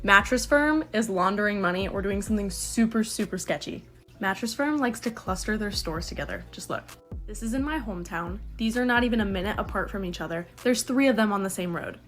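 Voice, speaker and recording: A woman's voice: mid-range voice, animated, brisk, faint music behind. A woman from Texas talking in a casual social media clip, conspiratorial and emphatic.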